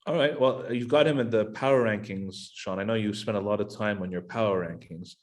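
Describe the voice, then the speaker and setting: A man's voice: lowish voice, brisk. A man hosting a casual fantasy football podcast, asking his cohosts questions in a playful, joking way. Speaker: podcast host.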